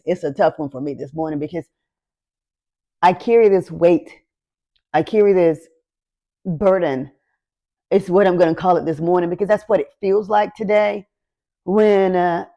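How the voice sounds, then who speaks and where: A woman host speaks slowly with a mellow, warm tone. She gives an encouraging, heartfelt talk while holding back tears, her words coming in unhurried stretches. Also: fairly low pitch. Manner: slow, emotional, encouraging. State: close to tears. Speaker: podcast host.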